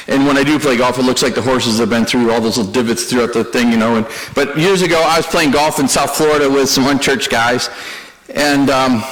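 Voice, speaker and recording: Male pastor, higher register, conversational sermon delivery with self-deprecating humor, hall reverb. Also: a bit bright.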